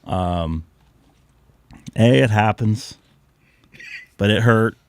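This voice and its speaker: Hosting a ham radio live stream, a man chats casually, jokes, and rambles through stories while his voice gives out a little. He talks very slowly with a fairly low, darkish tone, and there's a little hiss or hum.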